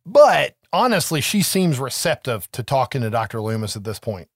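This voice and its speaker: A man's voice: medium pitch, normal speed, dry recording, clean studio sound. A man casually recapping a horror movie scene by scene, cursing freely and acting out the characters' lines. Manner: profane, animated storytelling with quoted voices.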